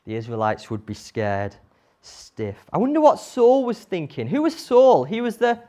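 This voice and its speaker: Animated woman telling a Bible story. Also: on the low side, normal speed. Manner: animated, asks the audience questions. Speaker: children's storyteller. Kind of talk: Bible story told to children.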